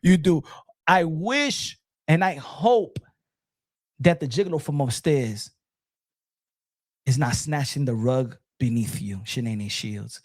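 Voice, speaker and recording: A man streaming boxing commentary, talking to his chat in an animated, teasing, repetitive way with frequent laughs. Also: medium pitch, slow, long pauses.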